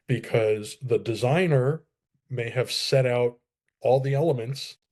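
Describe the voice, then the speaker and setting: A mid-pitched man explains legal points on a podcast. He builds each idea step by step, with small restarts, in a measured, steady way. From New Jersey, USA. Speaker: copyright expert guest.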